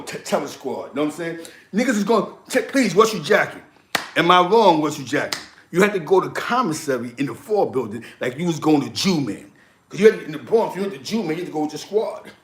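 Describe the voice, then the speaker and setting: A man's voice: a little high, echoey room. A man with a New York accent telling stories in a casual, slangy way, often breaking into laughter. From East Harlem, New York. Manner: laughing, slangy, animated storytelling. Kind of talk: casual storytelling.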